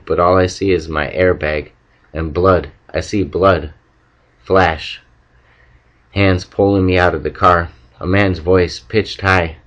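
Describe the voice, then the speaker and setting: A man reading a novel aloud at a steady, measured pace. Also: deep voice. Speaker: audiobook reader. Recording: dull lo-fi recording.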